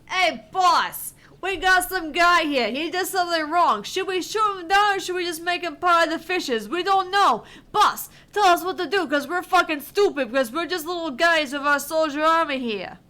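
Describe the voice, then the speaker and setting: Woman doing a dumb mafia goon, fake Italian-American accent, loud and brash. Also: very high voice, moderate pace, hardly any pauses, voice pushed up. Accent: put-on Italian-American. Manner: brash, shouting, swearing. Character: loud dim-witted male mafia henchman.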